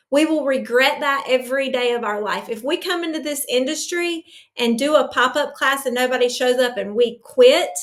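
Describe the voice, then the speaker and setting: High-voiced earnest woman yoga teacher. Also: fairly bright tone. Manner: earnest, emotional, testimony-like. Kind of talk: faith-centered interview talk.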